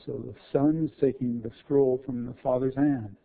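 A man preaching an expository sermon, swinging between hushed explanation and fervent emphasis, over a tinny, phone-like sound. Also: mid-range voice, normal speed, few pauses.

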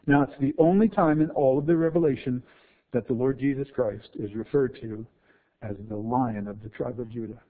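A man preaches an expository sermon at a moderate pace in a mid-range voice, swinging between hushed explanation and fervent emphasis. The sound is tinny and phone-like.

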